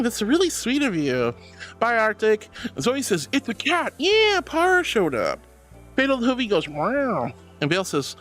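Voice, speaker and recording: A man's voice: sits high, fairly bright tone. A bubbly, affectionate man streaming and chatting casually as he reads out viewer messages. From Florida. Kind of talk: casual chat reading messages.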